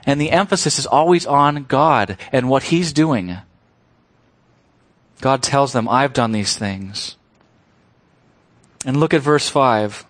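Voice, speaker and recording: A man's voice: mid-range voice, slow pace, pauses often, dry recording. A man preaching a sermon, explaining a scripture passage with emphasis and rhetorical questions. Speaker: pastor.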